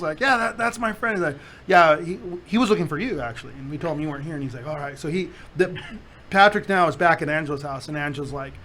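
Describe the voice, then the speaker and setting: A man whose voice sits high speaks at normal speed over slight background noise. Hosting a podcast, he spins animated stories in casual talk, performing quotes and laughing often.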